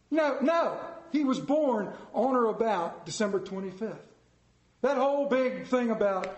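A man's voice: very high-pitched, animated, moderate pace, darkish tone, echoey room, poor audio. A man preaching a sermon in an emphatic way, with dismissive asides.

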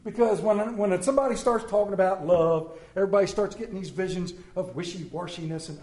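Animated male pastor in an echoey church. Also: high voice, brisk, hardly any pauses. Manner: animated, swinging between loud emphasis and quiet asides; joking with the congregation. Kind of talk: sermon. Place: church sanctuary.

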